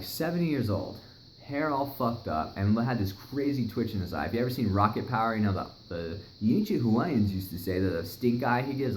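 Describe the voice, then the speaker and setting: A young man tells a story in a casual, profanity-laced way, acting out the other people's lines. His voice sits on the low side but swings widely in pitch. The recording is roomy and echoey, with a faint hiss underneath. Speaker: vlogger telling a story. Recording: echoey room, faint noise.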